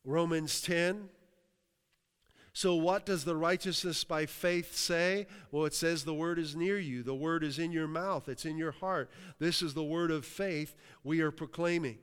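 Clear and resonant, the pastor's voice is fairly high, steady, and a bit bright at a measured pace. This Western Pennsylvania preacher punctuates his sermon with hallelujahs and checks in with the crowd, all under a long hall reverb.

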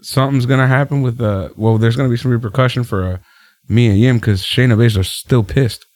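A man co-hosting a casual wrestling podcast, loose and profane, quick to laugh and joke. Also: medium pitch, fairly even intonation, a little mellow. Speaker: podcast co-host.

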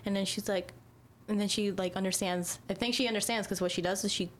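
A woman's voice: medium pitch, fairly even intonation, quick pace, slight background noise. A woman in casual conversation, talking loosely with lots of fillers and casual swearing. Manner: rambling, heavy use of "like", swears casually. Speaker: dog owner in casual conversation. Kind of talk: casual chat.

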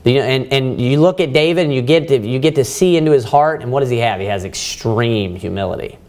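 A man's voice: medium pitch, quick pace, darkish tone. A man preaching a sermon as a pastor, asking rhetorical questions and repeating points for emphasis, with many filler phrases. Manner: many fillers of "you know" and restarts.

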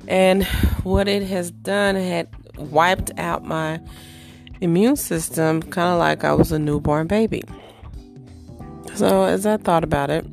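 Low, slow, gravelly woman podcasting. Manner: chatty, stops to clear her throat and cough. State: throaty from allergies. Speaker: podcast host. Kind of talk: casual podcast monologue.

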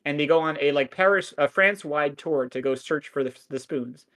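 Guy in his 30s, bit high-pitched, rambling sarcastic podcast recap, swears a lot. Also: fairly quick, a bit bright. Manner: crude, sardonic, rambling with frequent swearing. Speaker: podcast co-host recapping a cartoon. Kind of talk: casual podcast chat.

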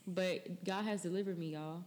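A woman's voice: on the low side, steady tone, normal speed, very noisy. A woman in her twenties hosting a podcast, loose and chatty with lots of fillers. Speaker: podcast host. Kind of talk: casual chat.

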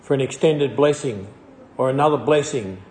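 A man speaking as pastor in a church, measured and repeating words for emphasis as he addresses the congregation. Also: medium pitch, darkish tone. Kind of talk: sermon follow-up. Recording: echoey church hall.

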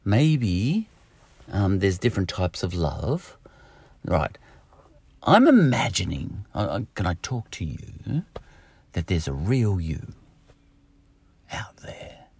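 A man's voice: low-pitched, very animated, slow pace, gravelly, long pauses, a little mellow, husky, no echo. A middle-aged Australian man hosting a solo podcast, rambling in a jokey, self-mocking way. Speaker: podcast host.

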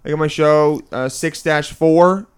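A young man co-hosting a podcast in casual chat, excitable and laughing often. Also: a little high, a little slow, clear, resonant tone. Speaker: podcast co-host.

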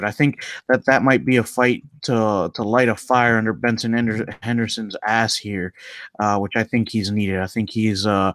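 A man's voice: lowish voice, fairly bright tone, dry recording. A man co-hosting a casual mixed martial arts chat, talking loosely with lots of fillers. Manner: easygoing, many "um"s, says "dude". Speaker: MMA podcast co-host.

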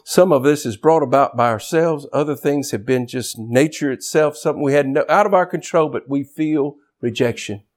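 A man preaching a sermon as pastor, swinging from loud shouted emphasis to quiet, low asides. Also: moderate pace, few pauses.

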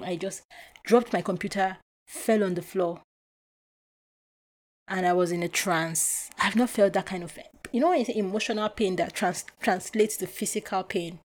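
Animated and emotional, a young woman from Nigeria hosts a podcast and tells a personal story, switching voices to act out each exchange. Her voice sits at a middle pitch and moves from loud bursts to quiet drops. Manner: animated, emotional retelling with acted-out quotes. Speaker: podcast host.

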